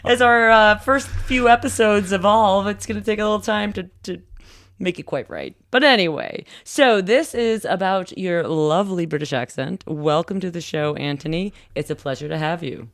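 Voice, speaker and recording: A woman's voice: mid-range voice, animated, moderate pace, no echo. Playful woman hosting a podcast, dry sound. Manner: playful, chatty, teasing. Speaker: podcast host. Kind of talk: casual interview chat.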